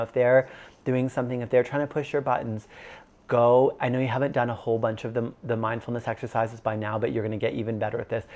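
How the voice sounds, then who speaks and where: A man's voice: mid-range voice, a little mellow. A man in his thirties teaching an online course in a casual, conversational way, full of "like" and "you know". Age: 30s. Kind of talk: casual instructional talk.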